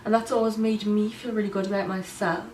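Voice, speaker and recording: A woman's voice: mid-range voice, flat delivery, fairly quick, a little mellow, natural voice. An actress playing a self-absorbed young woman vlogging about her life, rambling smugly and tagging "do you know" onto her lines. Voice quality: rambling, smug, says "do you know" constantly. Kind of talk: comedy monologue to camera. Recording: roomy, distant mic, faint hum.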